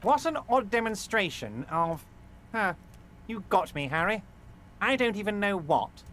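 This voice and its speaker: Man playing a smarmy middle-aged union boss, high-pitched, swooping, fawning. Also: very animated, a little slow, a bit bright, slight background noise, exaggerated voice. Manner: oily, overly reassuring, theatrical. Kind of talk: fan voice acting of a game.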